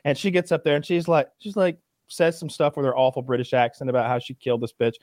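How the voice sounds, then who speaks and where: A young man chatting casually, telling excited stories, swearing and acting out crowd cheers. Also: medium pitch, fast talker, no room sound, clean studio sound. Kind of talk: casual chat.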